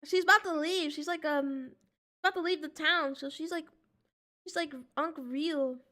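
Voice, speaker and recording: A woman's voice: high-pitched, fairly even intonation, normal speed, sharp tone. A young woman streaming a game, chatting in a joking, slangy way and laughing often. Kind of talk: casual gaming stream chat.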